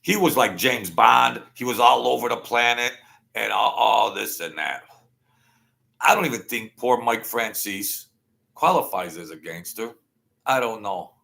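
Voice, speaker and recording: A man's voice: medium pitch, a little slow, vocal fry, pushed and bright. A man in his sixties hosting his own channel, rambling through a casual monologue in a chatty, self-mocking way and chuckling often. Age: 60s. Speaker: channel host.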